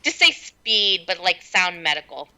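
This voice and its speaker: A woman's voice: lowish voice, very animated, measured pace, sharp tone, poor audio. A woman playing a tabletop role-playing game, chatting casually, giggly and scattered, fumbling for words. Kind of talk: casual improvised role-play.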